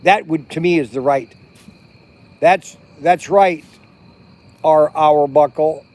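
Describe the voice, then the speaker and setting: A man's voice: on the high side, slow, darkish tone. A middle-aged man rambling casually in a livestream, talking outdoors by a campfire at night, with many restarts and fillers. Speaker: vlog host. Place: outdoors at a campground by a fire at night.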